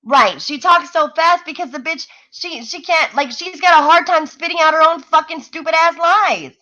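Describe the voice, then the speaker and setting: A high, bright-voiced woman hosts a livestream in a fiery, profane rant. She talks fast and mocks her target without pause. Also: lo-fi sound. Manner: profane, mocking, fast-ranting. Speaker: livestream host. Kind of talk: heated live-stream commentary.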